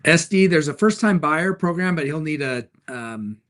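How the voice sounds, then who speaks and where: A man's voice: on the high side, expressive, a bit bright. A middle-aged man hosting a live stream, answering viewer questions in an upbeat, joking way. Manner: upbeat, jokey, quick replies to chat. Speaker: livestream host and car dealer.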